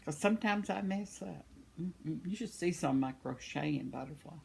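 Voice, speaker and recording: A woman's voice: low-pitched, animated, normal speed, vocal fry, a little mellow, slight background noise. An older woman, chatting casually at home, laughing often as she reads comments from her viewers. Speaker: vlogger reading viewer comments. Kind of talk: casual chat. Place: at home, indoors.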